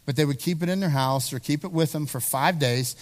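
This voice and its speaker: High-voiced earnest male pastor preaching. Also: brisk. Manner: earnest, repeats words when building a point. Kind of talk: sermon.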